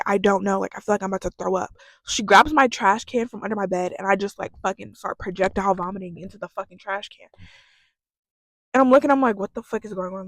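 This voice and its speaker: A young woman tells a storytime vlog in a rambling, casual way, swearing often and leaning on fillers. Her voice sits a little high. It is recorded close and dry, with no room sound. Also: dry recording. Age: young adult. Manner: chatty, profane, lots of fillers. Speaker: vlogger.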